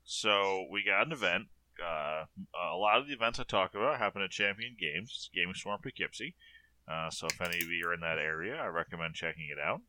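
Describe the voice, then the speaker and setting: A man's voice: sits low, lively intonation, brisk, bright, forceful tone, slight background noise. A man co-hosting a podcast in casual chat, rambling and stalling with lots of fillers. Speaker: podcast co-host.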